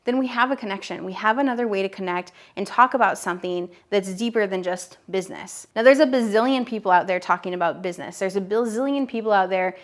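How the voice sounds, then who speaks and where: This is a woman in her thirties giving a direct-to-camera business lesson. She is upbeat and direct and addresses the viewer personally. Her voice sits at a middling pitch. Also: fast, hardly any pauses. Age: 30s. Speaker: online business educator. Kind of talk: direct-to-camera teaching video.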